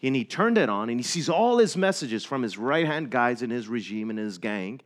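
A middle-aged missionary preacher tells a story during a sermon with slides, speaking at a normal speed in a sing-song way. He's earnest, and his voice climbs higher and louder as he gets into it.

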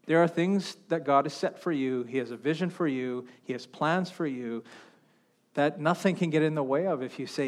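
A male pastor delivers a sermon in a church on a wireless mic. His voice sits high, and his delivery swings between fervent loud passages and soft, hushed ones. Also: normal speed. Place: church sanctuary. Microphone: wireless handheld mic.

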